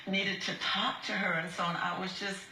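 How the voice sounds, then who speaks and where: Earnest, halting woman in a roomy courtroom. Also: medium pitch, flat delivery, bright, forceful tone, a little hiss or hum. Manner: halting, earnest, repeats herself. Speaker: defendant in a TV courtroom. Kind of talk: testimony before a judge. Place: TV courtroom studio.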